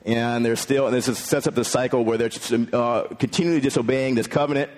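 A pastor preaching a sermon in a relaxed, conversational way, reading scripture and retelling it in everyday words. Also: male voice, medium pitch, brisk.

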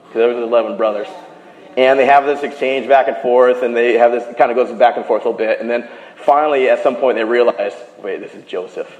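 A pastor delivers a lively storytelling sermon, leaning in and dropping his voice low for the characters' words. His man's voice sits at an ordinary middle pitch. The sound carries the echo and long reverb of a big hall. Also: muffled recording, a little hiss or hum. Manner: animated storytelling, drops to a hush for quoted lines. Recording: echoey hall.

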